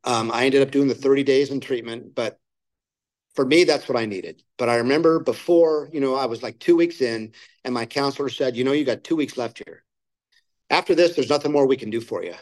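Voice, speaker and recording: A man's voice: mid-range voice, a little fast, poor audio. Man telling his recovery story. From Southern California. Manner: candid storytelling, acts out quoted dialogue. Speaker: main speaker at a recovery meeting. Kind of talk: personal recovery story shared at a meeting. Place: meeting room.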